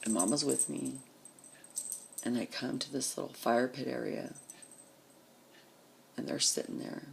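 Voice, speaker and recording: Gravelly low-voiced woman telling a story. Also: slow pace, pauses often, slight background noise. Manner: blunt, profane, vivid retelling. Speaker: vlogger. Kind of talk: personal storytelling to camera.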